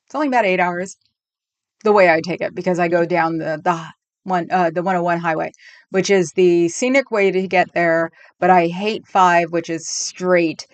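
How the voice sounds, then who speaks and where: At home with a desk mic, a middle-aged California woman hosts a casual livestream, rambling with her live chat and laughing often. Her lowish voice is steady at a normal speed, with no room sound.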